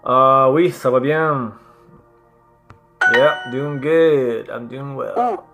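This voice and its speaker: A man's voice: medium pitch, vocal fry, muffled recording, over loud music. A man giving casual, playful commentary as he works through language app lessons, laughing at himself and sounding out French words. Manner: reads French words aloud slowly. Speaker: language learner vlogger.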